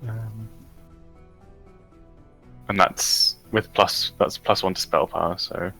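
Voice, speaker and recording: Male player, low-ish bright voice, hesitant and chatty. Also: steady tone, takes it slowly, creaky, soft background music. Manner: thinks aloud with hesitant fillers. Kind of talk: casual tabletop game play.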